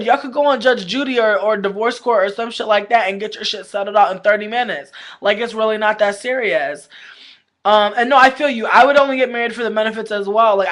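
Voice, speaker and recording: Brief: woman vlogger, loose livestream chatter, blunt and profane, mid-pitched voice. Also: a bit bright. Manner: candid, slangy, swears freely; rambling with many fillers. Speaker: vlogger reviewing a reality show. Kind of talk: casual livestream chat.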